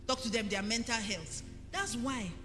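A middle-aged Nigerian woman pastor preaching a sermon emphatically, building to forceful peaks. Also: a little high, moderate pace. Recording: reverberant hall with faint music.

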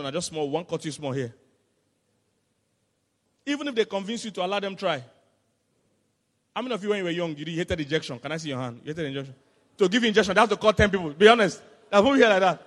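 High-voiced preacher in a reverberant hall. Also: male voice. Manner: animated storytelling with laughter and sudden shouts. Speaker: pastor. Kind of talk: sermon. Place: church hall.

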